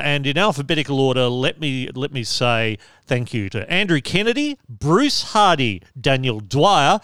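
A man's voice: on the high side, fairly bright tone, clean tone, dry recording. A man hosting a podcast, chatty and wry, reading out thanks and announcements. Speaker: podcast host.

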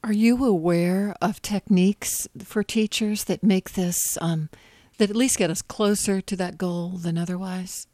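A woman's voice: medium pitch, steady tone, a little slow, warm tone, no room sound. A woman hosting a radio show, reading a scripted introduction and asking curious, conversational interview questions.

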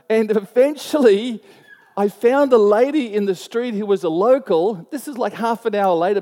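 A man preaching in a high, lively voice, laughing at his own story as he goes. His words ring with a long reverb, as if spoken in a large hall. He tells it in an animated storyteller's way. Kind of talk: sermon with personal story.

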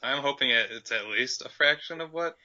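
A young man in casual chat, dropping short, lively remarks. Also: mid-range voice, fairly quick, lo-fi sound.

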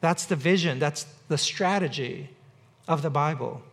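A man's voice: on the high side, unhurried, fairly bright tone. A man preaching a sermon in a conversational way, with repetition and dry humor. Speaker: pastor. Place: church on Mercer Island.

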